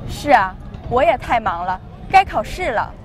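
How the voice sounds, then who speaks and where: A woman playing a friendly young female student in a scripted lesson dialogue, speaking with clear, cheerful delivery. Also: fairly high pitch, big pitch swings, moderate pace, a faint crowd, a little hiss or hum.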